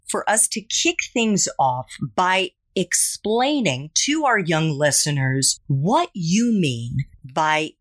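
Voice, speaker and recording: A woman in her forties hosting a podcast, introducing and interviewing a guest with a lively, playful delivery. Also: low-pitched. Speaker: podcast host.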